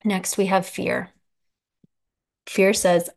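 Solo podcast host, female; low gravelly tone, a little breathless, slow and searching, frequent restarts. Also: fairly even intonation. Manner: soft, unhurried, searching for words with many restarts. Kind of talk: reflective solo podcast talk.

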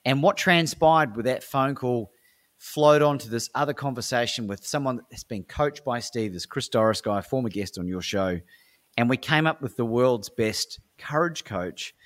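A man's voice: medium pitch, moderate pace, fairly bright tone. An Australian man, a speaker and coach, telling stories in a podcast interview in an enthusiastic, motivational way. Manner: enthusiastic, motivational, with frequent fillers like "right?". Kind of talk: animated storytelling in a podcast interview.

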